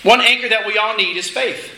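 Male minister, middle-aged, casual storytelling sermon; sharp high voice, roomy recording, light background hiss. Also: fairly quick. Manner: casual, animated, laughing asides. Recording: echoey room with faint noise.

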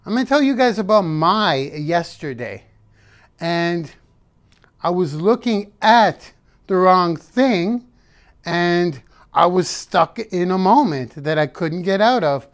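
A man's voice: high voice, animated, slow pace. A man giving a casual motivational talk, playful and emphatic, breaking off to sing and repeating words for effect. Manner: playful, self-interrupting, sings snippets; emphatic repetition. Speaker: motivational vlogger.

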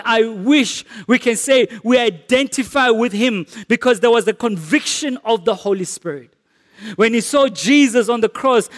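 A man with a South African accent preaching a sermon, earnest and rising to emphatic declarations. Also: extremely high pitch. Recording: echoey hall with long reverb.

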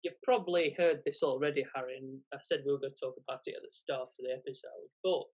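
A man's voice: medium pitch, quick pace, few pauses, low-quality recording. A man co-hosting a podcast, reading a news item aloud in a plain way. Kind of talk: casual chat.

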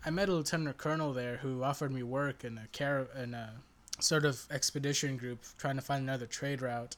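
A man at a tabletop game, talking through his character in an easygoing, matter-of-fact way. His voice sits at an ordinary mid pitch. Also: fairly even intonation, fairly quick. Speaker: player. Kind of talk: casual in-character play.

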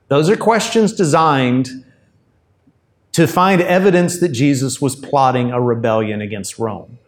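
A man gives a sermon, talking through the passage in a relaxed, conversational way. He keeps adding asides and explanations as he goes. His voice sits at an ordinary middle pitch for a man. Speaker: pastor.

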